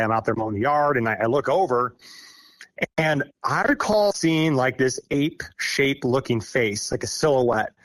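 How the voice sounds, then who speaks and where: A man's voice: medium pitch, fairly bright tone, dry recording. Rambling man from Iowa telling stories. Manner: rambling, halting restarts with frequent laughs. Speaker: podcast guest, forestry contractor. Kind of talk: casual storytelling interview.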